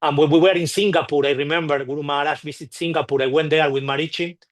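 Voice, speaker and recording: Man, slightly high voice, animated anecdotes, halting, many restarts, temple talk. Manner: halting, with frequent restarts and repeated words; animated, acting out the people in his stories. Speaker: devotee sharing memories at a temple.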